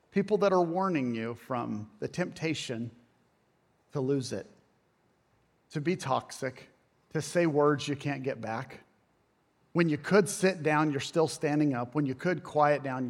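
A man in his thirties preaching a sermon, loud and animated, telling stories with self-mocking humor. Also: fairly high pitch. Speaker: pastor. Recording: long hall reverb.

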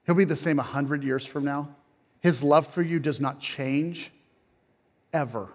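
Impassioned man preaching a sermon. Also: a little slow. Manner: swings from quiet lows to loud emphatic peaks. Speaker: pastor.

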